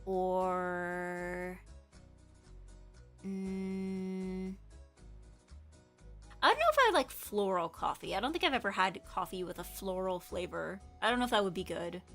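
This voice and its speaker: A woman's voice: mid-range voice, animated, takes it slowly, long pauses, a bit bright, faint music behind. A woman streamer in casual chat, rambling and correcting herself, with lots of filler words. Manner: rambling, chatty, many filler likes, self-correcting.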